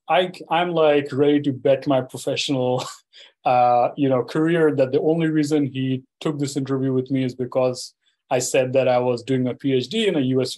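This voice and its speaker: A man's voice: mid-range voice, darkish tone, rough recording. A man giving a university lecture, telling a field anecdote in a loose, conversational way full of "you know" and "right?". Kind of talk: storytelling academic lecture.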